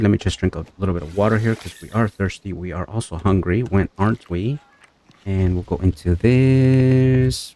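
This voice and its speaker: A deep-voiced young man chatting his way through a survival game. He talks to his viewers and his in-game horse and breaks into excitable outbursts when enemies show up. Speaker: gameplay streamer. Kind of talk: casual let's-play commentary.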